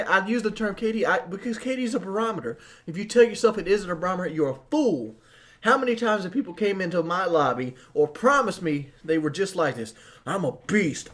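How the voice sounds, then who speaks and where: A young man giving a boastful, profane rant to camera as a gaming commentator, mocking his critics. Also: sits high.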